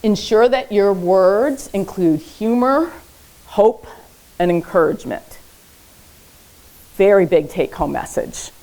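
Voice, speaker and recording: A woman's voice: medium pitch, lively intonation, takes it slowly, pauses often, dark tone, poor audio. A woman therapist giving a casual parenting talk at a library event. She speaks conversationally, keeps checking in with the audience with "okay?", and adds light humor. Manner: uses light humor while teaching. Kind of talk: informal educational presentation. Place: public library event room.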